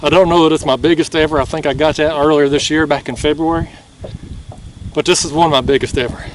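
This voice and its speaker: Man, slightly high voice, excited folksy vlog chatter, action camera on a kayak, faint water noise. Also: fast, distant mic. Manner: excited, laughing, folksy "y'all". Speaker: fishing vlogger. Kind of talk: casual outdoor vlog narration. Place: kayak on a river at night.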